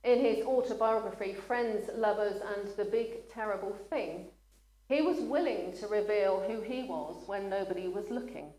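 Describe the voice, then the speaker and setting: Earnest throughout her sermon, this woman sometimes gets emotional and breaks off to apologize. She has a mid-range, slightly mellow voice, and the room echoes around her.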